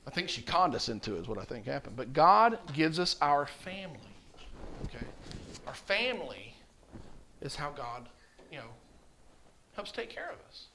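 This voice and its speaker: Man, church class teacher, animated and coaxing, slight noise behind. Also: fairly high pitch, moderate pace, pauses often. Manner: coaxing, asks questions over and over. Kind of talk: children's catechism class.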